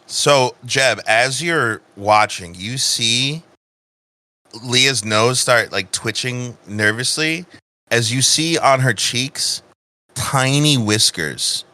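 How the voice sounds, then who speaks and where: A man narrating a tabletop game as game master, animated, with fillers. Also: fairly low pitch. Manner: animated and drawn-out, with filler words.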